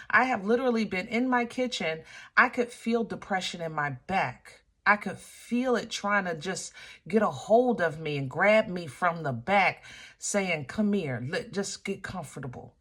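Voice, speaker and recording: A woman with a bright, ringing voice gives a casual tarot reading on camera. She talks like a preacher giving testimony and keeps checking in with her listeners. She often breaks the weight with playful asides. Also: mid-range voice. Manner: preachy and testifying, checks in with "okay?" and "you understand?"; playful asides and laughter between serious points. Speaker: tarot reader.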